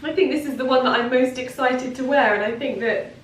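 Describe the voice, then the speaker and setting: A woman's voice: high voice, fairly even intonation, brisk, recorded from a distance. An English woman chatting through a clothing try-on haul, gushing, chatty and emotional. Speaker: fashion vlogger. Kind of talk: casual try-on haul chat. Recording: roomy, off-mic sound with faint background noise.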